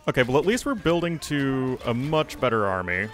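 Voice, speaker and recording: A man's voice: mid-range voice, big pitch swings, moderate pace, fairly bright tone, a little hiss or hum. A man, chatting offhand through his own strategy game playthrough as a streamer, muttering remarks to himself. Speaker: gaming streamer. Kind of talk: casual gameplay commentary.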